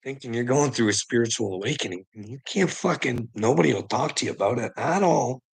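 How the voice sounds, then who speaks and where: A man's voice: mid-range voice, expressive, a little fast, gravelly, breathy edge. A man ranting in a rambling monologue to his viewers, swearing constantly and breaking into frequent nervous laughs. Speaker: vlogger.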